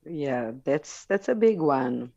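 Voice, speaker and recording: A woman's voice: sits low, lively intonation, slow pace, creaky, dark tone, no echo, highs cut off. A woman on a talk show giving frank sex advice, laughing easily between points. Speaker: sex educator guest.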